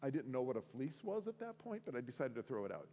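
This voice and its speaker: A man's voice: medium pitch, fast talker. A man telling a personal story to a crowd as a speaker, acting out the voices of the people in it. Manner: animated, acts out the voices in his story. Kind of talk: storytelling sermon. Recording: long hall reverb.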